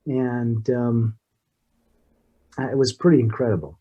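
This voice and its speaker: A middle-aged man, a guest in an interview, telling a personal story in an earnest, emotional way with halting restarts. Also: a little high, warm tone, highs cut off.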